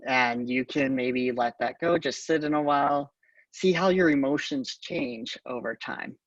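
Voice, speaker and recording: A man giving a calm conference talk on mindfulness, halting often with ums, recorded from a distance on a dull lo-fi recording. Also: fairly high pitch, creaky, no echo. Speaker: conference speaker.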